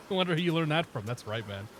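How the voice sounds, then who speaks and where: A man's voice: on the high side, brisk, a little hiss or hum. Chatty man with a vaguely Midwestern accent. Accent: vaguely Midwestern with some Boston flair. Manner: relaxed, chatty, reads back clearances in pilot radio style. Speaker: flight sim streamer. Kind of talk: casual gameplay commentary with radio calls.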